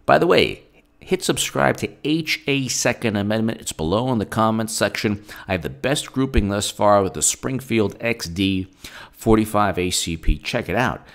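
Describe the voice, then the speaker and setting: A man's voice: on the low side, expressive, normal speed, vocal fry. A man giving political commentary in a solo video, combative and rambling, with asides and quotes read from his phone.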